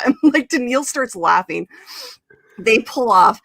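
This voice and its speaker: A young woman hosts a live-streamed chat and tells a long story in a bright, crisp voice. Her delivery is animated, full of fillers, and broken up by laughter. The sound is dry and close. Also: fairly high pitch, measured pace, dry recording. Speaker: host. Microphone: live stream mic.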